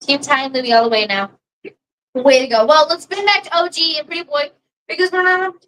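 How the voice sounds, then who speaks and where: Woman co-host, high and bright, agreeable, hedging, slightly distant from the mic. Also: a little fast. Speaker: co-host of a wrestling recap stream. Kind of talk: casual chat.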